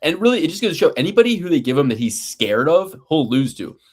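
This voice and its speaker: A man's voice: a little high, big pitch swings, quick pace, a little mellow. A man co-hosting a casual sports betting podcast, ranting with profanity and sarcastic exasperation. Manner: sarcastic, mocking. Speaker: podcast co-host.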